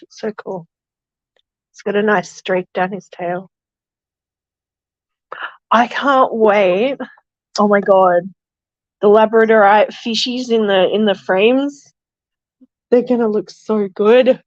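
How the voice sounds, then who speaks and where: A woman's voice: medium pitch, fairly even intonation, a little slow, a little mellow, dry recording, lo-fi sound. A woman streaming casually while tending her fish tanks, chatty and self-deprecating, cooing to her fish. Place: home room with fish tanks.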